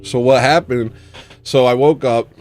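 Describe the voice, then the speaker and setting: Brief: male streamer, mid-pitched, excitable, talks in baby talk to puppies, faint music behind. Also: measured pace. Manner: excitable, coos at newborn puppies. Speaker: livestream host. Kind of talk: casual livestream chat. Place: home with dogs.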